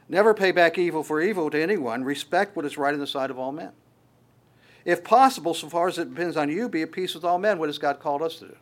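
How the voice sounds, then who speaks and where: A man's voice: on the high side, quick pace. A man preaching a sermon as pastor, conversational and emphatic, often restarting his phrases.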